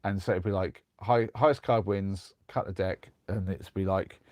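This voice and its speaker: Young guy chatting on his live stream from a van, low voice, dry sound, keeps restarting sentences. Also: moderate pace, dry recording. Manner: rambling, animated anecdote with many restarts. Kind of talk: casual chat and storytelling. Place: converted van.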